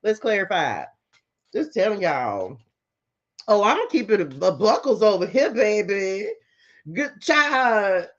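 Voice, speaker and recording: Very animated yet at a measured pace, this middle-aged woman's mid-range voice comes through slightly muffled lo-fi audio. She's a spiritual tarot reader doing a casual reading, addressing viewers directly in a sassy, chatty manner.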